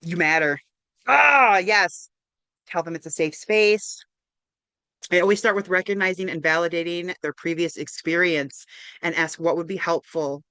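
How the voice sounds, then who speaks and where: Encouraging woman counselor, lowish voice. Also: moderate pace, bright, forceful tone, no echo. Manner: upbeat, encouraging, often adds "right?". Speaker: counselor and presenter. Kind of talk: interactive online workshop presentation. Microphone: video call.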